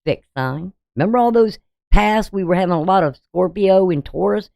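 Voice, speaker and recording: A woman's voice: on the low side, lively intonation, moderate pace, gravelly, warm tone, no room sound, clean studio sound. A woman astrologer giving a forecast in an emphatic, preachy way, firing off rhetorical questions at her viewers. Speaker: astrologer and tarot reader.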